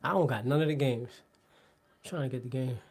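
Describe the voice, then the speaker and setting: A man's voice: mid-range voice, fairly quick, a little mellow, a little hiss or hum. A man hosting a live workout stream, joking and rambling with his chat between exercises, laughing often and trailing off mid-sentence. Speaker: fitness livestream host. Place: indoors at a home workout spot.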